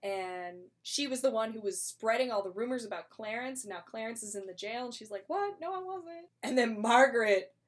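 A woman in a casual chat, retelling a play in a chatty, animated way and acting out the characters' lines. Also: a little high, fairly quick, few pauses.

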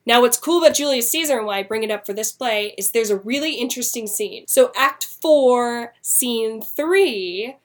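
Woman host, casual and animated, slightly high pitch; explains plays. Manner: chatty and animated, quick asides, laughing. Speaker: podcast host. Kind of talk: casual chat explaining theatre.

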